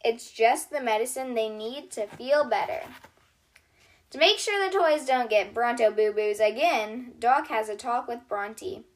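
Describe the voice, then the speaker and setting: Host type: woman reading kids' books aloud, high voice, slow and gentle. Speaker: storytelling channel host. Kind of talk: children's storybook read-aloud.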